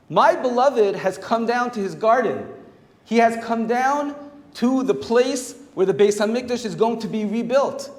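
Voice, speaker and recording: A man, a rabbi, teaching a Torah class in a lively, animated way and acting out the quoted voices. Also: sits high. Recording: echoey hall with long reverb.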